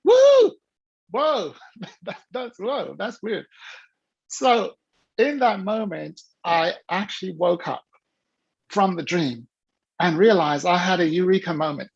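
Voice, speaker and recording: Gravelly man telling stories on a call. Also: slow, long pauses, dry recording. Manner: animated storyteller, acts out quoted dialogue with big pitch jumps. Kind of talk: storytelling talk on a video call. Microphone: video call. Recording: dull lo-fi video call audio.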